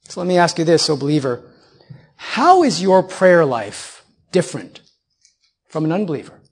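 A man's voice: high voice, slightly rough. A man in his thirties preaching a sermon as a pastor, building on repeated phrases and putting rhetorical questions to his congregation.

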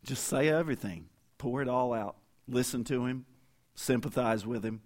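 Folksy preacher telling family stories. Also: male voice, medium pitch, normal speed, darkish tone. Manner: folksy, conversational storytelling with asides to the congregation. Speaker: pastor. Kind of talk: sermon.

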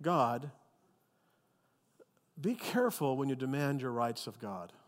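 A male pastor preaching a sermon with animated, emphatic storytelling. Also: medium pitch, slow pace, long reverb tail.

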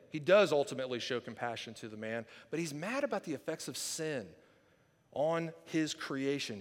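A man delivers a teaching sermon in a slightly high voice, talking with his listeners more than at them. He swings from loud, emphatic passages to quiet, earnest ones and keeps checking in with rhetorical questions. His words carry a long reverb, as in a large hall. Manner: conversational, asks listeners rhetorical questions, repeats "right?". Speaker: pastor.

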